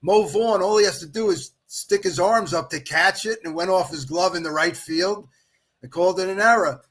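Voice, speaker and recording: A high-pitched middle-aged man, speaking at a moderate pace, appears on a podcast as an official baseball scorer. His long, animated anecdote unfolds casually, peppered with dialogue he quotes from other people.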